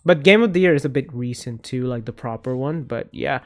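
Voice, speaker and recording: A young man giving casual opinion commentary on games, rambling and animated, often cutting himself off mid-sentence. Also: mid-range voice, brisk, faint music behind. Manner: rambling, animated, self-interrupting. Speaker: gaming video creator.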